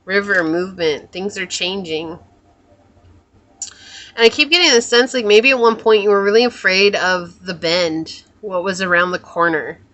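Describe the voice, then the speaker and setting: A woman giving a pick-a-card tarot reading in a musing, soft-spoken way, often trailing off and correcting herself. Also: mid-range voice, fairly even intonation, unhurried. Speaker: tarot reader.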